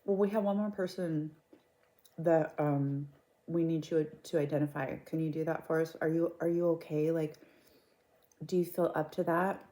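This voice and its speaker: A woman's voice: sits low, fairly even intonation, moderate pace, warm tone, natural voice. A woman voicing police officers in a retold story who politely ask a suspect to come to the station. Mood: soothing. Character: polite police officers breaking bad news.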